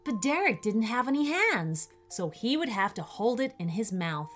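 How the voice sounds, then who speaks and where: A woman reading a children's bedtime story slowly and expressively. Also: fairly high pitch, sing-song, soft background music.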